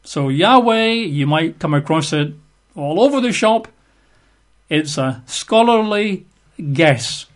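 A man's voice: fairly high pitch, animated, slow. A man giving an opinionated, plain-spoken talk with wry asides. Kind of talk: casual talk to camera.

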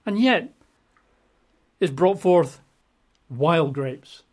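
A preacher voicing God as an exasperated, pleading father figure, dramatizing scripture with raised, loud questions. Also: mid-range voice, expressive, extremely slow.

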